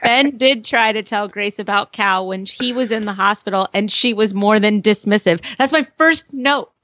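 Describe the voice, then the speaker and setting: A woman co-hosting a casual TV recap podcast, ranting with animated exasperation. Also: mid-range voice, normal speed, no room sound, dull audio. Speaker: podcast co-host.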